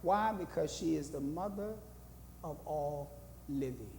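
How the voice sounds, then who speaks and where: A man leads a church Bible study as pastor and teaches in a preaching rhythm, repeating phrases and asking the room questions. His voice sits high but has a dark, gravelly edge. The sound carries a long reverb from the church hall. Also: expressive, unhurried, a little hiss or hum.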